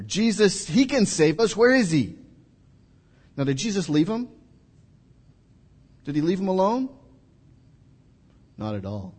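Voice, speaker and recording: A man preaching a sermon with slow, deliberate pacing and a husky, slightly breathy voice. He tells the story with lively, swooping intonation and acts out voices. Long hall reverb surrounds him. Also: mid-range voice. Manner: storytelling, acting out voices, dramatic drops to quiet.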